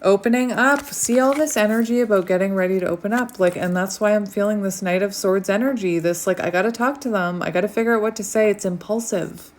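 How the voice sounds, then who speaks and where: A woman giving a casual tarot reading, rambling and chatty with many fillers, sometimes dropping to a soft near-whisper. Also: medium pitch, brisk, few pauses, a little hiss or hum. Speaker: tarot reader. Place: home, outdoors light fading.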